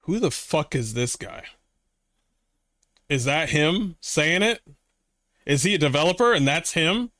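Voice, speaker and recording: Excitable, foul-mouthed male streamer. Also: on the high side, measured pace, long pauses, no echo, studio quality. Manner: excitable, swears often, mocks with voices. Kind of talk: profane reaction commentary. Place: his room.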